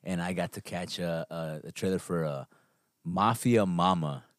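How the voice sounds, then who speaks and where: A man's voice: sits low, level tone, moderate pace, darkish tone, no echo, studio quality. A man co-hosting a podcast, chatting casually about movies, blunt and swearing constantly, laughing often. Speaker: podcast co-host. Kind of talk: casual profane movie chat.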